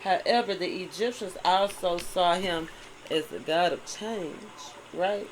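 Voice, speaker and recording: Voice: mid-range voice, unhurried, a little hiss or hum, low-quality recording. A tarot reader giving a spiritual monologue. The reader mixes passages read aloud with heartfelt commentary and keeps asking "right?". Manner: preachy, often asks "right?". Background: music.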